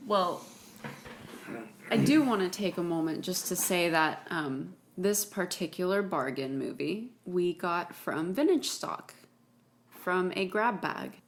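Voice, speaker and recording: A woman co-hosts a relaxed movie podcast and speaks at an unhurried, drawn-out pace. Her comments are dry and teasing. A faint hiss runs under the audio. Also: fairly low pitch. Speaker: podcast co-host. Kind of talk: casual movie chat.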